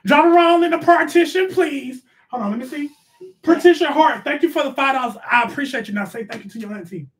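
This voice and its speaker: A bossy, sassy mother who snaps at her kids between shout-outs, as a man puts her on in a high voice. She talks brash and quick to scold, hosting a comic live stream from a bedroom. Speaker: live stream host reading donations. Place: bedroom at home.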